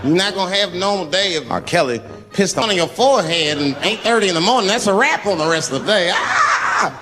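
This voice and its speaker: A man's voice: sits high, fast talker, over music. A man doing stand-up comedy, telling a story and acting out the people in it. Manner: animated, acts out every character.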